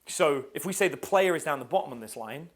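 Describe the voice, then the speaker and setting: A man's voice: fairly high pitch, lively intonation, fast talker. A man teaching a live dating seminar in a casual, swearing style, quizzing his audience. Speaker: dating coach.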